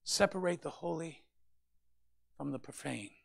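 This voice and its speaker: A male pastor preaching a sermon, with passionate rises to loud peaks. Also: on the high side, expressive, unhurried, creaky, dry recording, studio quality.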